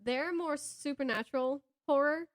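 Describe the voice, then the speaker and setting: Rambling Southern woman with a higher voice. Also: moderate pace. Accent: Southern American. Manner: rambling, self-interrupting, laughs often. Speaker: podcast co-host. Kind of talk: casual chat about books.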